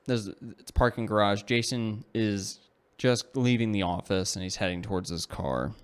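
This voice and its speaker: Low-voiced man telling a story casually. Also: normal speed, clean tone. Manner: rambling, full of "like" and "you know"; self-correcting, self-deprecating asides. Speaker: podcast co-host.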